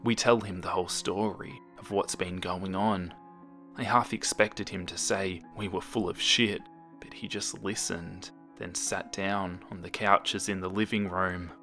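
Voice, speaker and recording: Slow, low-voiced man narrating horror. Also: fairly even intonation, faint music behind. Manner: slow, hushed storytelling that drops to whispers. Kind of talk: creepypasta narration.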